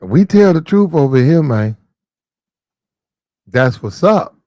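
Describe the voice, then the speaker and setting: A man gives casual commentary in a preachy, repetitive way, talking straight to the people he discusses. His voice sits a little high for a man. The sound is close and dry. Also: sing-song, slow, a little mellow, no echo. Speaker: commentary channel host.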